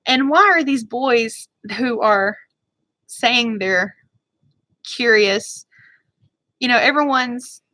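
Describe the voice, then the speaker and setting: A woman beauty vlogger chats with her viewers during a casual livestream. Her voice is bright and forceful and sits a little high. She rambles, gets fired up and talks quickly, in a dry, close sound. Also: no room sound, low-quality recording.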